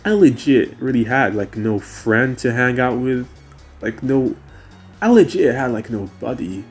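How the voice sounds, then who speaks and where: A man's voice: medium pitch, expressive, measured pace, faint music behind. A young man with a mixed British and American accent, talking casually about his life in a rambling way with many fillers and restarts. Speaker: vlogger. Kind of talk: casual personal talk.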